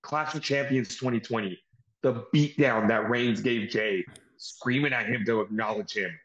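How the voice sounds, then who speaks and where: Male podcast host, mid-pitch, animated recap delivery. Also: normal speed, lo-fi sound. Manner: animated play-by-play retelling with acted-out quotes. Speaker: podcast host reviewing wrestling. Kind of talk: casual recap chat.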